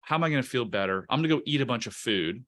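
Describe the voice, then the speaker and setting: A man's voice: medium pitch, lively intonation, rapid-fire, fairly bright tone. A man on a podcast interview, explaining emotional self-help in an earnest, coaching way, often restarting words. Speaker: guest, coach.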